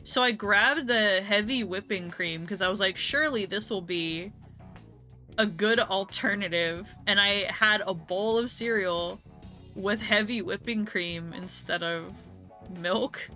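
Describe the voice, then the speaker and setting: A woman's voice: medium pitch, a little slow, sharp tone, faint music behind. A young woman streaming a game, chatting casually with her audience, swearing freely and laughing often. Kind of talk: casual let's-play chat.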